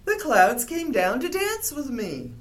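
A woman's voice: on the low side, measured pace. Woman voicing an eager, wistful young bear. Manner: eager, excitable calls.

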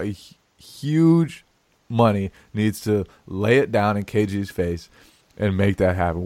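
A man's voice: lowish voice, darkish tone, no room sound. Male sports podcast host, casual and laughing, dry close mic. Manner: laughing, stumbling restarts.

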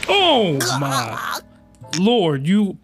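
A man hosting an anime reaction video, giving excitable, crude commentary at a desk mic, with shouting outbursts and voice cracks. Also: high voice, extremely slow, vocal fry, over music.

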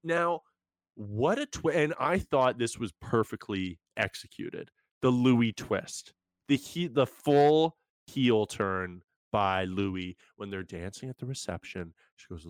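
A young podcast co-host chats through a TV recap in a loose, self-mocking way, wandering off and restarting with plenty of animated energy. His voice is medium-pitched and slow. The recording is close and dry, with no room sound.

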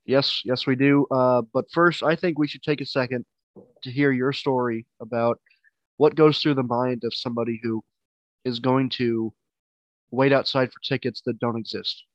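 A man's voice: medium pitch, steady tone, moderate pace, no echo. Wry male podcast host, dry dull sound. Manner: teasing, wry. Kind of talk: casual podcast chat.

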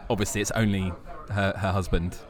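A man's voice: low-pitched, flat delivery, fairly quick. A man co-hosting a podcast from a pub, teasing his partner with dry remarks and laughing often. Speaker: podcast co-host. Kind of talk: casual chat.

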